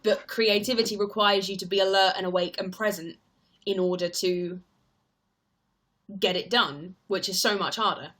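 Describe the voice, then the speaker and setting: A woman's voice: medium pitch, steady tone, moderate pace, a bit bright. Chatty young woman. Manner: chatty and rambling, heavy use of "like". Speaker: stage actor and livestreamer. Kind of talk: casual livestream chat answering viewer comments.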